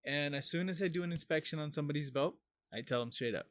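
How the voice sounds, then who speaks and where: A man on a podcast with a somewhat high voice tells stories in a loose, profane way. He gets animated as he goes, and he sits close to the mic in a dry room with no echo. It sounds like a casual chat among friends. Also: fast. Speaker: podcast co-host.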